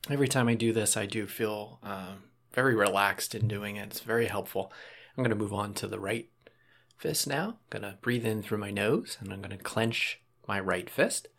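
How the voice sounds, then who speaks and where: A man calmly guiding listeners through a breathing and muscle relaxation exercise, step by step, with small casual asides. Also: on the low side, normal speed, creaky. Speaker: relaxation instructor.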